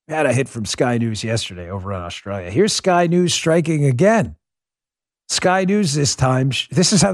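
A man hosting a political commentary show, talking fast and fired-up with sarcastic asides and frequent laughs. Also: mid-range voice, darkish tone, dry recording, clean studio sound. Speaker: podcast host.

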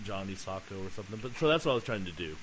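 A man's voice: sits low, sing-song, racing, noisy background. A man co-hosting a podcast in casual, joking chat. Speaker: podcast co-host.

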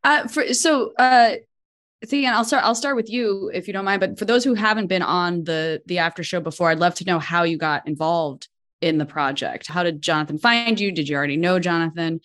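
A woman hosting a casual interview, reacting quickly and enthusiastically to guests. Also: on the low side, a bit bright. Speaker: host.

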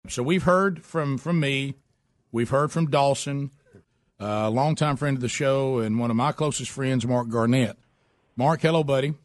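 A man's voice: medium pitch, normal speed, no echo. A man in his forties hosting a talk show, playful and chiming in with laughs and asides. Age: 40s. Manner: laughing, playful, chimes in with comments. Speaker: host. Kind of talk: casual radio talk show banter.

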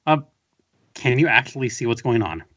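A man's voice: mid-range voice, very animated, normal speed, fairly bright tone, highs cut off. A man from Southern California chatting casually on a podcast, telling a rambling, wry story full of fillers. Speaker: podcast host guest. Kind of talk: casual chat.

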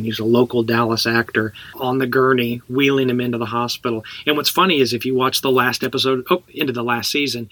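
A man's voice: medium pitch, bright, forceful tone, no room sound. A middle-aged man from Texas, an actor guest telling anecdotes in a casual podcast chat, laughing as he talks.

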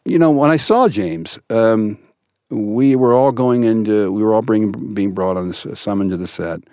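An older man, an actor guest in a studio podcast interview, telling stories in an animated way with many restarts. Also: lowish voice, normal speed, no room sound. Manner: animated storyteller, frequent restarts.

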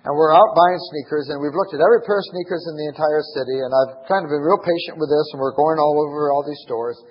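A man's voice: a little high, quick pace, slightly rough, highs cut off. A middle-aged man giving a recorded sermon, telling stories animatedly and acting out the dialogue. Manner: animated storytelling, acts out dialogue. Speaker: conference speaker.

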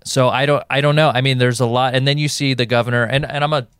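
A man from Southern California chatting casually as a podcast guest, rambling with halting restarts. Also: mid-range voice, fairly even intonation, a bit bright, clear, resonant tone, no echo. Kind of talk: casual chat.

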